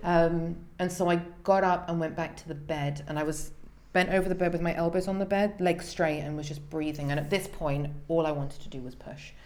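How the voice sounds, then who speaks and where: A woman, a podcast guest telling a personal story in an animated way, acting out the people she quotes. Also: low-pitched, brisk, hardly any pauses.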